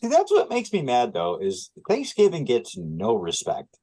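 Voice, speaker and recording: A man co-hosting a casual podcast, his pitch swinging wildly from low to high. He talks in an animated way and leans on "like" and other fillers. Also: measured pace, poor audio. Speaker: podcast co-host. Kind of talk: casual chat.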